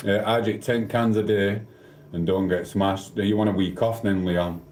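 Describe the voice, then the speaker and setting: A man with a South Yorkshire accent rambles cheekily through viewers' comments on a live stream. His voice sits somewhat low. The room rings with echo, and a faint hiss runs underneath. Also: steady tone, moderate pace, a little mellow. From South Yorkshire, England. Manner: rambling, cheeky, banters with chat. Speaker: livestreamer. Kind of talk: casual live-stream chat reading comments. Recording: echoey room.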